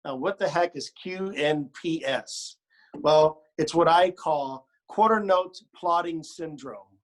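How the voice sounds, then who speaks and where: A man's voice: on the high side, slow pace. A man leading a choir rehearsal, coaching pronunciation and word stress, modeling phrases by speaking and singing them, with playful joking asides. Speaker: choir director. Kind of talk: choral rehearsal instruction.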